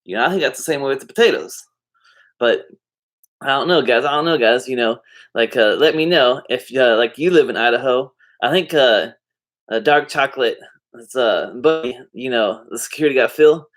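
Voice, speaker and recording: A man's voice: medium pitch, moderate pace, fairly bright tone. A man talking casually to the camera in a vlog, rambling and drifting off topic, with many fillers and easygoing slang. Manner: laid-back slangy talk. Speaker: vlogger.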